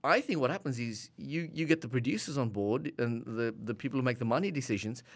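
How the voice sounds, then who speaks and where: A man co-hosting a film podcast, discussing a movie in casual chat, animated and often restarting his sentences. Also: mid-range voice, fairly quick. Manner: animated, chuckling, repeats words when starting. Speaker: podcast co-host.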